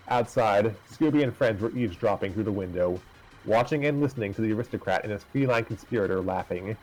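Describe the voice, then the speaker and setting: A man narrating a fan story aloud in a steady, laid-back way. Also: fairly low pitch, fast, soft background music, low-quality recording.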